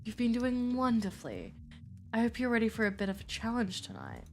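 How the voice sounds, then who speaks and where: A woman doing a calm, wise male mentor. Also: on the high side, slight background noise. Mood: reassuring. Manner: measured, reassuring.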